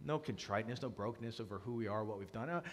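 Earnest pastor preaching in a reverberant hall. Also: male voice, on the low side, racing. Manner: earnest, swings from hushed confession to loud emphasis. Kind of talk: conversational sermon. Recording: long reverb of a large hall.

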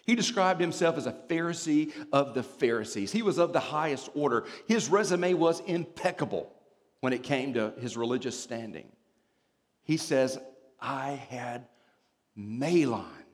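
A man preaching a sermon in a church, telling stories with humor and explaining scripture in an animated way. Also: a little high, normal speed, in a large hall.

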